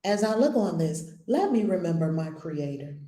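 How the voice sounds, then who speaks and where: A woman's voice: fairly low pitch, sing-song, moderate pace, warm tone, echoey room. A woman giving a spiritual lesson, earnest and emphatic, often repeating phrases, with conversational, playful asides. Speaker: spiritual teacher.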